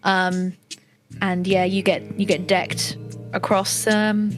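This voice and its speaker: A woman's voice: mid-range voice, little pitch movement, takes it slowly, faint music behind. A woman running a tabletop game, narrating in a casual, chatty way with lots of fillers and swearing. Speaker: game master.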